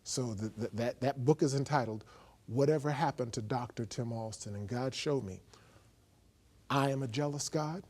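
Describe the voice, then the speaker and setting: A man, a guest on a faith program, telling his testimony as a lively story and acting out both sides of a dialogue. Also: medium pitch, normal speed. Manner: acts out dialogue, swinging from loud to hushed.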